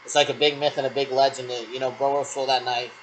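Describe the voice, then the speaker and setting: A man's voice: mid-range voice, flat delivery, quick pace, a little hiss or hum, low-quality recording. A man in a rambling solo monologue who repeats himself and answers his own questions.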